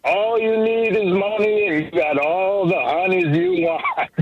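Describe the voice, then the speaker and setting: A man calling in to a sports radio show, telling a story in a loud, slow way. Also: sits high, fairly even intonation, dry recording. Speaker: caller. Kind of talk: call-in radio chat. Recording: crackly distant phone line.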